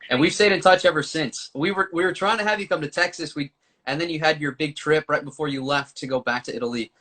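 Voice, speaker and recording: A man's voice: fairly high pitch, fast talker, pushed and bright. A man hosting a casual live-stream chat, upbeat and chatty, talking to viewers and a guest. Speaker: host.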